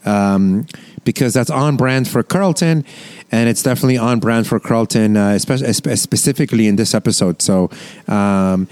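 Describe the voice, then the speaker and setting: A man's voice: lowish voice, normal speed, darkish tone, dry recording. A man co-hosting a podcast, giving his take on a sitcom episode in a loose, rambling way. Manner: rambling, many fillers and restarts. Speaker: podcast co-host. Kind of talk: casual chat, reacting to a sitcom episode.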